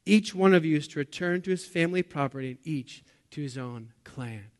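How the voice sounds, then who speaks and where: A man preaching a sermon to his congregation, asking them questions and swinging between loud bursts and quiet, low lines. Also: fairly quick. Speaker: pastor.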